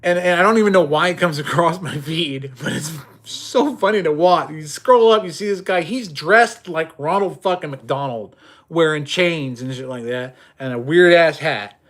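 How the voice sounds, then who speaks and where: A middle-aged man hosting a casual livestream, his voice sitting a bit high for a man. He talks tough and boastful, swears freely, and rambles through stammered restarts and short chuckles. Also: moderate pace, a bit bright. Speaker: livestream host.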